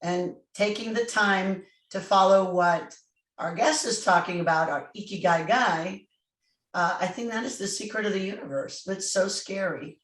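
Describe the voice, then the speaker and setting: A woman's voice: medium pitch, normal speed. A woman with a mid-range voice telling a story as podcast host, earnest and conversational. She sits back from the microphone, and the room adds a noticeable echo. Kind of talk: casual conversation. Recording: roomy, distant from mic.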